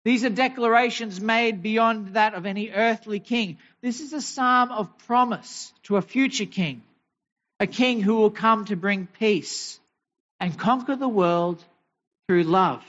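A man's voice: high voice, a little slow, fairly bright tone, dull audio. A man preaching a sermon as pastor, posing rhetorical questions and telling homely family stories. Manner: asks many rhetorical questions; tells homely family anecdotes.

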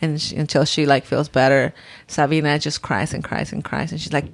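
A woman whose voice sits low talks fairly quickly in casual chat about her three daughters, rambling with lots of restarts and the occasional Spanish word. It's a dry recording.

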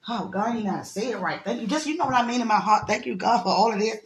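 A woman's voice: fairly high pitch, animated, quick pace. Woman, affectionate, prayerful, laughing, casual vlog talk, echoey room. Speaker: vlogger. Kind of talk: casual heartfelt talk to camera.

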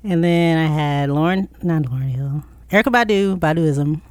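A woman's voice: deep voice, normal speed, a little mellow, dry recording. A woman chatting casually and enthusiastically about the music she loves. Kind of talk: casual chat.

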